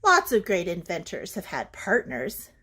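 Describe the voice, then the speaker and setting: A woman voicing a patient father in a picture book, gentle and reassuring with his son. The delivery is slow and calm, though the pitch still moves about freely. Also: slightly rough, exaggerated voice. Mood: encouraging.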